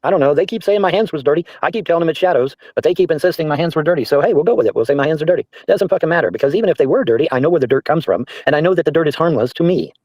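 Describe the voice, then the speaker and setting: Male streamer, brisk and animated delivery, profane and scornful, dry close sound. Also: a little high, no room sound. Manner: profane, mocking, reads chat aloud and answers it. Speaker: livestreamer answering trolls. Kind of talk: casual livestream rant. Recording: dull, dry lo-fi stream audio.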